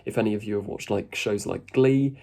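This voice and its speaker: Chatty man with a mellow voice. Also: lowish voice, a little fast, creaky. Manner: chatty, rambling asides. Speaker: YouTube reviewer. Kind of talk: casual review commentary.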